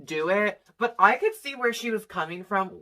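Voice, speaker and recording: A guest in a casual chat, gossipy and slangy, dropping into quick impressions. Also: medium pitch, expressive, pushed and bright.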